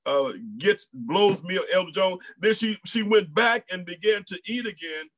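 Male pastor, high voice, preaching with call-outs and acted-out quotes. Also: moderate pace, a bit bright, low-quality recording. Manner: preaching in a folksy Black church style, with repeats and exclamations; acts out voices in quoted lines. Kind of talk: sermon.

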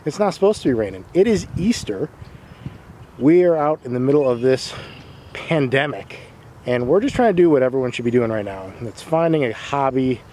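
A man's voice: mid-range voice, a little fast. A young man hosting a fishing channel, chatting casually and upbeat outdoors by a pond in the rain, talking to a camera mic. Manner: upbeat, excited when catching fish. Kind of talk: casual outdoor vlog talk.

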